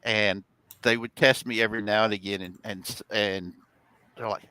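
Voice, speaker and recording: A man's voice: fairly low pitch, fairly even intonation, normal speed, bright, forceful tone, clear, resonant tone, dry recording. A middle-aged man telling rambling stories in casual chat on a home live stream, laughing often. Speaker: host, father.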